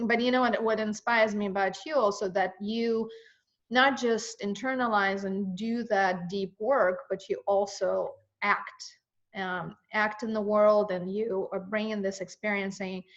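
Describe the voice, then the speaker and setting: A middle-aged woman from Russia hosts a casual video-call interview, her speech halting and full of restarts as feeling rises in it. The stream audio is muffled and lo-fi. Her voice sits at a middling pitch. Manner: halting, many restarts, emotional. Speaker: host.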